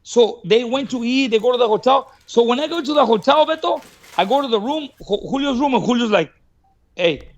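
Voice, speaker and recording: High-voiced man telling a story. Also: a little fast, dull audio. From Mexico. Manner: animated, acts out quoted dialogue, laughs often. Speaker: boxing trainer, podcast guest. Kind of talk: casual storytelling. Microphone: studio podcast mic.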